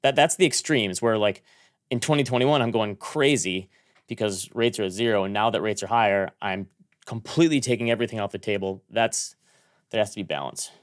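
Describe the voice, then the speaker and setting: A man co-hosting a finance podcast, explaining things briskly in casual chat and repeating words. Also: on the low side. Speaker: podcast co-host.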